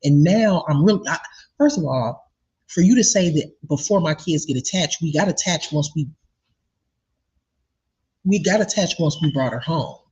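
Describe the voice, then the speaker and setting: A woman's voice: sits low, lively intonation, normal speed, long pauses, a little mellow, slightly rough, highs cut off. A woman venting to her viewers in an indignant, profane, casual rant about a personal story. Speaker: vlogger telling a personal story.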